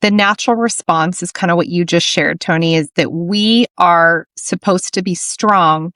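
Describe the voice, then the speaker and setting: A woman's voice: on the low side, moderate pace, fairly bright tone, no room sound, clean studio sound. A middle-aged woman hosting a podcast interview, talking earnestly and telling stories with quoted dialogue. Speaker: podcast host. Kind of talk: casual interview chat.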